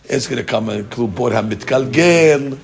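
A man's voice: mid-range voice, normal speed, vocal fry. A man teaching a daily Talmud class, reading out Aramaic text and explaining it in casual English with rhetorical questions and many fillers.

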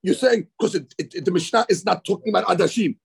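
High, gravelly man teaching Talmud. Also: fast. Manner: animated explaining, frequent stammered restarts. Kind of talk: daily Talmud lecture.

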